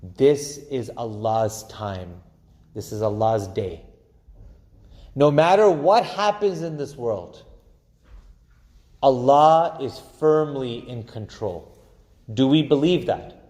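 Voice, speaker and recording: A man's voice: mid-range voice, darkish tone. Impassioned man preaching in a reverberant hall. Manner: impassioned preaching, swelling and slowing for emphasis, chanted Arabic phrases. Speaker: imam giving Friday khutbah. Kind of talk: sermon.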